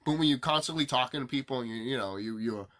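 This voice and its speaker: A man's voice: mid-range voice, quick pace, a bit bright. A man vlogging to camera in a rambling, profane monologue, repeating himself and ranting, his sinuses stuffed up.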